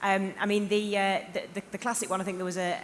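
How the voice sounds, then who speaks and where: A woman's voice: medium pitch, little pitch movement, fast talker. A woman from the north of England speaking as a conference panelist, with many hesitations and fillers. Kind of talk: panel discussion. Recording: reverberant hall, faint hiss.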